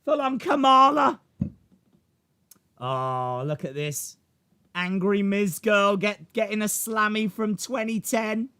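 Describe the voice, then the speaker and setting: A man hosting a live stream, reacting excitedly to chat, shouting and laughing. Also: high voice, slow, smooth, no echo. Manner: animated, shouts and laughs reading chat names.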